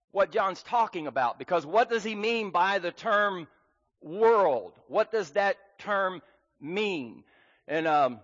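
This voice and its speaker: A man's voice: high voice, a bit bright. A man preaching a sermon as pastor, earnest and emphatic, with frequent fillers. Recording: dull sound with long hall reverb.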